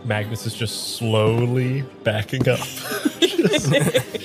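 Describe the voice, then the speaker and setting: A man's voice: medium pitch, wildly swooping pitch, drawn-out words, over music. A man playing a tabletop role-play, narrating his character's actions with wry amusement. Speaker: tabletop game player.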